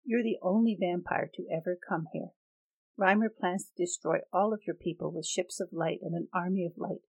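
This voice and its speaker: A woman voicing a gentle, sorrowful, forgiving mother in an audiobook reading, speaking softly. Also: on the low side, steady tone, normal speed, creaky, breathy edge, no echo, dull audio. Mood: earnest.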